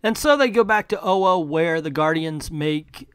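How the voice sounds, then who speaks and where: A man's voice: on the high side, lively intonation, measured pace, fairly bright tone, smooth, no room sound, clean studio sound. A man casually reviewing a comic book, amused and mocking.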